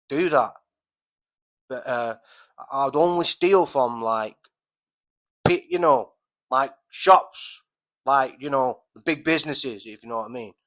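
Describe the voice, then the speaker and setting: A man tells a long, wandering story on his podcast in a casual monologue, swearing freely and restarting his sentences. His voice is bright and forceful, and he sits at a middling pitch for a man. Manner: rambling, heavy swearing, many fillers and restarts. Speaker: podcast host.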